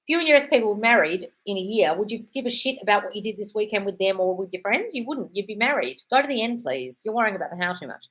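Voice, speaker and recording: A woman's voice: mid-range voice, lively intonation, fast talker, few pauses, fairly bright tone. A young British woman hosting a casual live Q&A, blunt and swearing freely, calling listeners darling. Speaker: host answering viewer questions.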